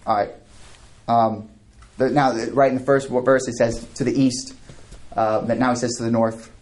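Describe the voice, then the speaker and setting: Brief: male Bible teacher, mid-pitched, conversational, reads a passage then explains it, lots of restarts. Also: steady tone, moderate pace, darkish tone. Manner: conversational, with frequent restarts and asides; reads scripture aloud then comments. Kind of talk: verse-by-verse Bible study teaching.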